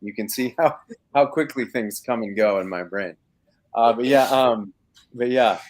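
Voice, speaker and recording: A man's voice: medium pitch, normal speed. A man in his thirties, an actor talking from home on a video call, rambling with lots of fillers and restarts. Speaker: actor guest. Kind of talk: casual live interview chat.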